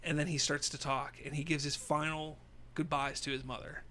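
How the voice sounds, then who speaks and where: A man's voice: fairly high pitch, little pitch movement, brisk, sharp tone. A man co-hosting a podcast, retelling a film plot in a casual, rambling way full of "you know.". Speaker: podcast co-host. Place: indoor room, across a table from his co-host.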